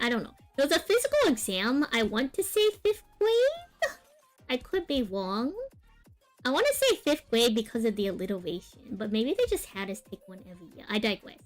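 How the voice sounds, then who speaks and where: Young woman, high voice, rambling casual storytelling, lots of fillers, faint music behind. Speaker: art streamer. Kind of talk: casual chat while drawing on stream.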